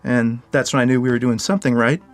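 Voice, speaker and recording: A game developer recounting a story in an interview, animated and joking. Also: male voice, medium pitch, fast, soft background music. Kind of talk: interview anecdote.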